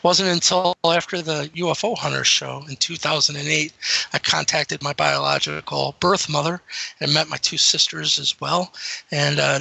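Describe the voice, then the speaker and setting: A middle-aged man guesting on an interview, telling rambling, animated stories about his encounters. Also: fairly high pitch, vocal fry, dry recording, low-quality recording. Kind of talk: casual storytelling.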